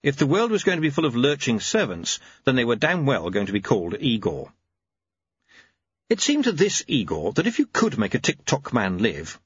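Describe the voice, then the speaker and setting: Male narrator, wry storyteller, lowish husky voice, dull lo-fi dry recording. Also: dry recording. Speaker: audiobook narrator. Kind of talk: scripted narration.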